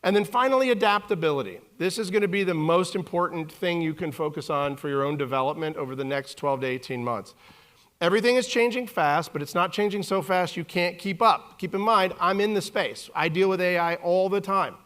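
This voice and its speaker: A man in his forties giving a live keynote talk on a conference stage, animated and joking with the audience. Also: high-pitched, a little fast. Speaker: keynote speaker.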